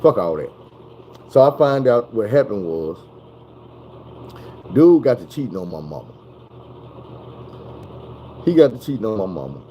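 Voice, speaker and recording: A man's voice: lowish voice, unhurried, pauses often, dull audio, a little hiss or hum. Man from telling a story. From Arkansas. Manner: animated, profane, conversational. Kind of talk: casual storytelling.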